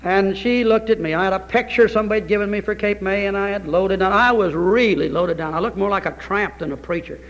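A male pastor preaching a sermon, telling stories in a folksy, animated way. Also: high voice, quick pace, hardly any pauses, lo-fi sound. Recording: reverberant church hall.

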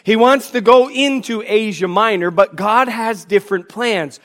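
A man preaching a sermon as pastor, full of rhetorical questions and mock back-and-forth, with pace and loudness swinging widely between phrases. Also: sits high, a little slow.

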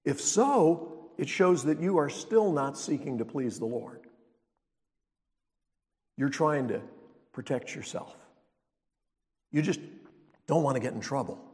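A man's voice: on the high side, slow pace, pauses often, a little mellow. A man preaching a sermon as pastor, teaching in a conversational way and asking the congregation rhetorical questions. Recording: long reverb of a large hall.

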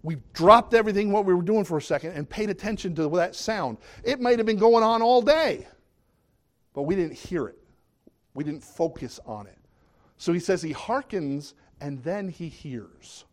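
A middle-aged man preaches a sermon conversationally, often putting questions to his listeners. His voice is high-pitched, with lively intonation and a moderate pace.

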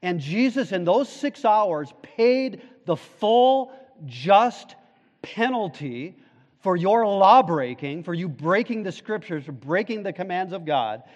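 A male pastor delivers a sermon at a slow, deliberate pace, pressing hard on key words. His voice sits a little high for a man and swings between loud, urgent peaks and hushed, low asides. A long reverb from a big sanctuary trails every phrase. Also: animated, dull audio. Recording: long reverb of a large hall.

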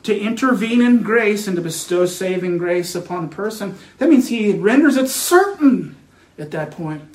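A man's voice: high-pitched, expressive, moderate pace, a little mellow, echoey room, low-quality recording. A man preaching a sermon as pastor, earnest and emphatic, building his points through repeated phrases.

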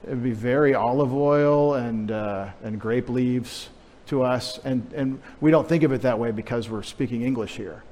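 A man's voice: mid-range voice, normal speed, a little mellow. A male pastor preaching a sermon in a conversational, emphatic way with wry humorous asides. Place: church sanctuary. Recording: long hall reverb.

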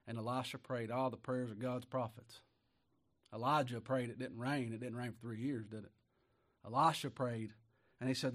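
Man, Kentucky accent, folksy preacher, rhetorical questions, swells loud on scripture. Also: mid-range voice, fairly even intonation, moderate pace. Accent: Appalachian Kentucky. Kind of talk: sermon.

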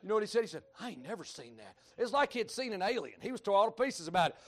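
A middle-aged man with a Kentucky accent preaching a sermon as pastor, folksy and animated, rising into shouts. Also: high voice, rapid-fire. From Kentucky, USA.

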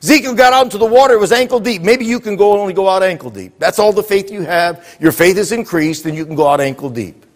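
A man with a high voice preaches a sermon in a church, pressing the congregation for answers as he goes. His voice rings out with a long echo through the large hall. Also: fast, hardly any pauses. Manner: call-and-response, prompting the congregation. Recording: echoey hall.

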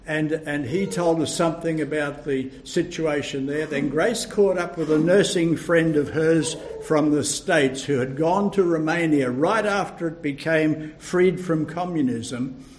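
Slow older man preaching. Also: on the high side, slight background noise. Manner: slow, emphatic, with loud shouted bursts. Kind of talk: sermon.

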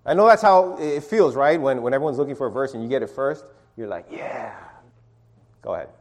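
A man's voice: mid-range voice, expressive, fast talker, a little mellow. A middle-aged man leading an informal sermon and Bible study, calling on listeners to read verses aloud and talking with many restarts.

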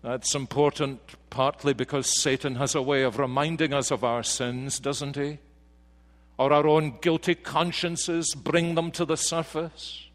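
A man preaching a sermon to a congregation, slow and emphatic, dropping quiet then rising with force. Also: fairly high pitch, flat delivery. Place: church sanctuary. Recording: reverberant church hall.

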